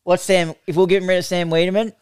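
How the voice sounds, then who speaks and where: A man's voice: sits high, little pitch movement, a crowd in the background. A man with an Australian accent co-hosting a football podcast, needling his friends and laughing at them. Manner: quick, needling, laughs at others. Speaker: podcast co-host. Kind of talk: casual podcast banter about football.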